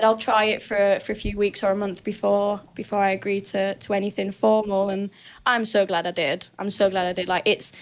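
A woman's voice: medium pitch, creaky. A young woman with a northern English accent, a guest on a casual podcast interview who talks in a chatty way, full of fillers and restarts. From Britain. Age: young adult. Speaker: guest athlete.

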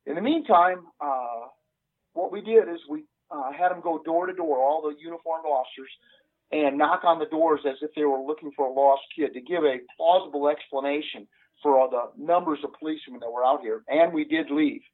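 Older man on a tinny phone line. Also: on the high side. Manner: earnest, halting with many "uh" fillers. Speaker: retired police sergeant. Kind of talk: telling a story in an interview.

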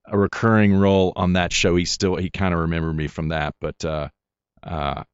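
A middle-aged male actor chatting as an interview guest, talking haltingly with many restarts and fillers. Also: low-pitched, level tone, clear, resonant tone, no room sound, dull audio. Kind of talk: casual interview chat.

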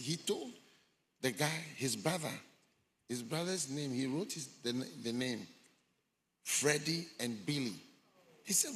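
A man's voice: medium pitch, lively intonation, a little slow, pauses often, fairly bright tone, slight background noise. A man preaching a sermon, retelling a story dramatically and acting out the voices of people in it. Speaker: bishop preaching. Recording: long hall reverb.

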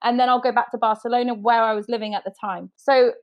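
A woman in her thirties, a podcast host, telling a story in a lively, laughing way. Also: fairly high pitch, quick pace. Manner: animated, laughs often, acts out quotes. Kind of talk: casual storytelling chat.

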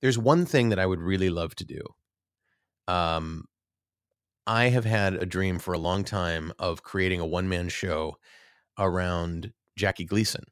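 Low-voiced man telling rambling anecdotes. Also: unhurried, clean tone, no room sound, studio quality. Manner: rambling, self-deprecating anecdotes with frequent restarts. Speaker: actor, interview guest. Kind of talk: casual storytelling in an interview.

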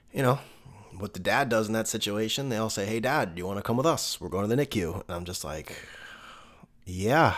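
A young man, a podcast host, telling a personal story in a loose conversational way, swearing now and then and laughing between thoughts. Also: low voice. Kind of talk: casual storytelling monologue.

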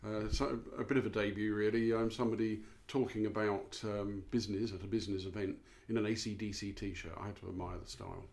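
A man's voice: on the low side, fairly even intonation, fast, few pauses, darkish tone. A man co-hosting a casual podcast chat, with a dry, self-mocking, wordy humour. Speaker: co-host.

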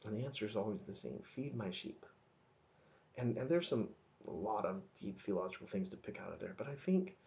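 A man with a fairly low voice gives a relaxed devotional teaching. He talks earnestly and conversationally, stumbling and repeating words as he gathers his thoughts. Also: muffled recording. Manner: halting, many restarts, earnest and conversational. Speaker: podcast devotional speaker.

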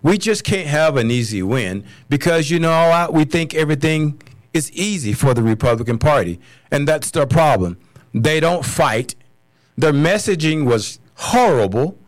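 Man, American accent, podcast host, angry rant, blunt, swearing, higher voice, dry sound. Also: animated, moderate pace, no echo. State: furious. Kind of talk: solo political podcast rant.

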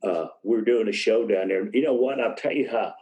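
Low-voiced older man spinning rambling yarns. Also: brisk, darkish tone, low-quality recording. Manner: rambling anecdotes, chuckles mid-sentence. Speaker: guest, retired wrestler. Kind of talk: casual storytelling interview.

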